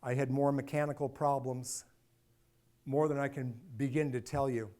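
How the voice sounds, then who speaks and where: A middle-aged man giving a personal storytelling talk, animated and acting out the dialogue. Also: mid-range voice, moderate pace. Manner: animated, acts out dialogue, repeats phrases for effect. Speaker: speaker and author.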